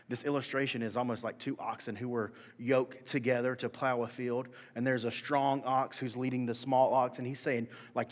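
Animated pastor in an echoing hall. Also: male voice, mid-range voice, normal speed, hardly any pauses. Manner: animated, swings from soft to shouting. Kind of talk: sermon. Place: church hall. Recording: long hall reverb.

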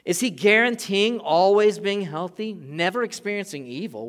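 A man in his thirties preaches with a slightly high voice, loose and conversational, acting out small scenes. His words ring out with a long reverb in a church sanctuary. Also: moderate pace. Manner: animated, conversational preaching with acted-out asides. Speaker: pastor. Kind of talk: sermon.

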